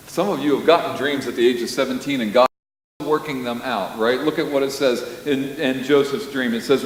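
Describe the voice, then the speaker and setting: A pastor preaching a sermon, telling stories with lively, animated delivery and sudden loud bursts. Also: male voice, medium pitch, fairly quick. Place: church sanctuary. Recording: roomy hall reverb with faint hiss.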